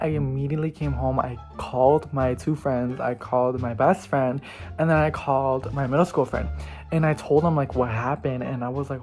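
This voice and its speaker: Young man, casual storytime, animated and gossipy, slang-heavy, faint music behind. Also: medium pitch. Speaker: vlogger.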